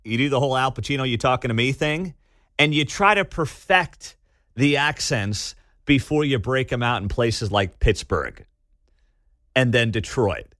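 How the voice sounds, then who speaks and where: Hosting a talk radio show, a man with a medium-pitched, fairly bright voice offers sarcastic, incredulous commentary and takes calls. His intonation is lively and his pace measured, captured on a studio microphone with dry studio sound.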